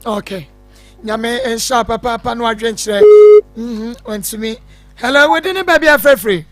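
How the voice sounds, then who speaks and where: A woman hosting a radio call-in show, briskly greeting and blessing each caller on air. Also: a little high, fairly bright tone, dry recording, faint music behind.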